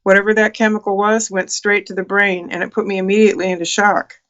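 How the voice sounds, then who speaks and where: Woman in her 60s, interview guest, flat even voice, smooth and clear, lots of uhs. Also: medium pitch, fast, dull audio. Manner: earnest, vivid retelling with many fillers. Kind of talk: telling a personal story in an interview.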